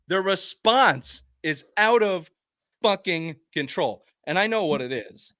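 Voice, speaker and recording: A man's voice: high-pitched, lively intonation, takes it slowly, sharp tone, no echo. Man, sports talk host, heated profane rant, dry close sound. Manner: profane, ranting, emphatic.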